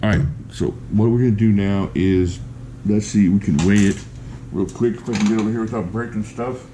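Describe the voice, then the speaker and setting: A man giving a casual, chatty knife review, enthusiastic and quick to laugh. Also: lowish voice, steady tone, warm tone, a little hiss or hum.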